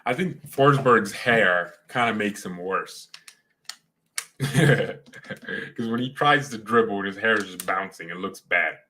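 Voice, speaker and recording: A man's voice: fairly low pitch, takes it slowly, bright, forceful tone, slight background noise. A man hosting a casual live match watchalong as a fan, talking in an opinionated, rambling and slangy way. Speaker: fan channel host.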